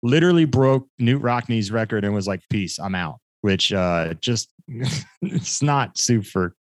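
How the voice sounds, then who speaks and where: A man's voice: mid-range voice, lively intonation, a little slow, dry recording. A man hosting a casual sports podcast, chatty and jokey, laughing often. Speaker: podcast host.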